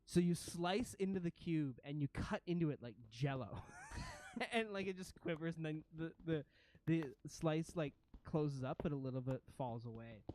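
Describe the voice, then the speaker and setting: A man's voice: fairly high pitch, normal speed, darkish tone, a little hiss or hum. A man narrating a tabletop role-playing game as game master, giving vivid, gross descriptions and chuckling often.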